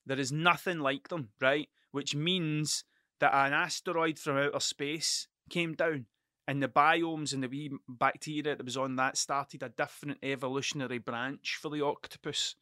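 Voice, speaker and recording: A Scottish man hosting a podcast, telling a rambling anecdote in a bright, forceful voice pitched a little high. He swears freely, gets animated and laughs often. The sound is dry and close. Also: moderate pace, dry recording. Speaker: podcast host. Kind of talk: casual anecdotal storytelling.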